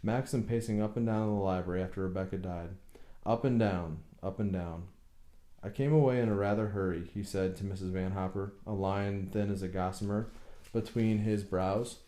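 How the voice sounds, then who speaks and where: A man reading a novel aloud as an audiobook narrator, slow and measured. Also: low-pitched, steady tone, warm tone, echoey room. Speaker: audiobook reader.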